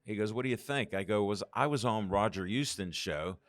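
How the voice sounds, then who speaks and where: A man's voice: lowish voice, a little fast, no room sound. Chatty older man spinning anecdotes. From Pittsburgh. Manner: rambling anecdotes acting out quoted dialogue, laughing often. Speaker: guest. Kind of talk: casual storytelling interview.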